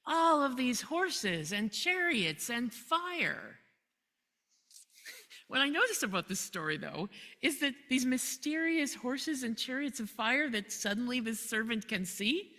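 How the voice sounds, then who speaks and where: A woman's voice: fairly high pitch, sharp tone. A woman pastor preaching a sermon, retelling a Bible story in a chatty, conversational way and chuckling often. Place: church. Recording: long hall reverb.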